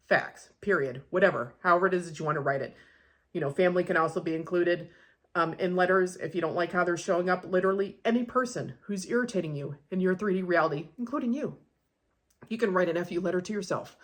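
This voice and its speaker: A woman's voice: fairly low pitch, fast talker. A woman coaching in a casual, instructional way, blunt and peppered with swearing. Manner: blunt and profane, emphatic. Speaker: manifestation coach.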